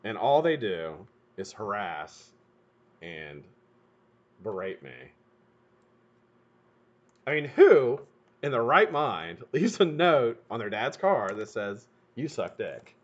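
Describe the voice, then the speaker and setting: A middle-aged man hosting a live stream, telling a profane, animated story while he works. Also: fairly low pitch, takes it slowly, pauses often. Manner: animated, profane, laughs at his own story. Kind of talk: casual storytelling while building coils. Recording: dull lo-fi stream audio.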